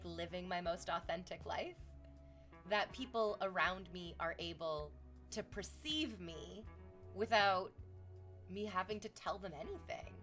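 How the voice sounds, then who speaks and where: A woman's voice: mid-range voice, fairly bright tone. A young woman streaming from Canada, chatting with viewers in a rambling, sarcastic and profane way. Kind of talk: casual stream chat.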